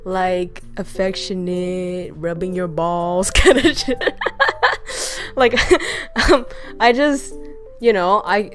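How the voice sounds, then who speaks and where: A woman streamer answering viewer questions in a casual chat, frank and crude in her joking and quick to laugh. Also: fairly low pitch, soft background music. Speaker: VTuber streamer.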